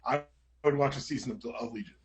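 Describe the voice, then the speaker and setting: A man co-hosting a casual TV recap podcast, enthusiastic and quick with his reactions. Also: medium pitch. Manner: fast, enthusiastic, quick interjections. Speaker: podcast co-host.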